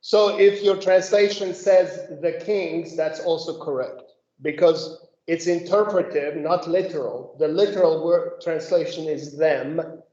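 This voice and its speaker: Woman teaching bible study to a group, super slow and careful, keeps asking okay?, echoey room, kinda muffled audio. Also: low-pitched, dark tone. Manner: slow, methodical explaining, checking in with "okay?". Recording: echoey room, dull lo-fi sound.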